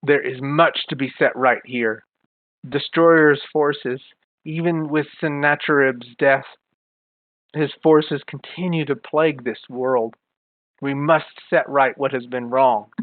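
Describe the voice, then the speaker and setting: A man's voice: mid-range voice, steady tone, slow pace, dry recording, close to an everyday voice. A man voicing a solemn, resolute male superhero defender in a tabletop game, over a phone-like call line.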